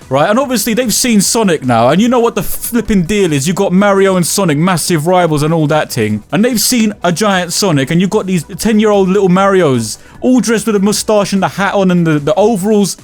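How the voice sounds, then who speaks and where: Casual storyteller, man, slightly high voice, animated and sweary, faint music bed under him. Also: fairly quick. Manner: animated, swears freely, slangy, acts out quotes. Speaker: YouTuber telling a story.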